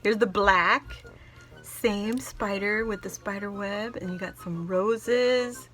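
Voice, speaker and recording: A woman's voice: medium pitch, slow pace, a bit bright, faint music behind. A woman gushing and gasping as she opens craft gifts for her vlog audience. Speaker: craft vlogger opening gifts. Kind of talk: casual gift unboxing.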